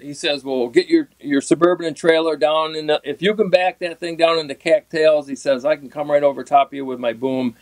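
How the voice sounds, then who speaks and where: A middle-aged man casually telling a long story as a podcast guest, animated and laughing now and then. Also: fairly high pitch, normal speed, no room sound. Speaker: podcast guest, tournament fishing pro.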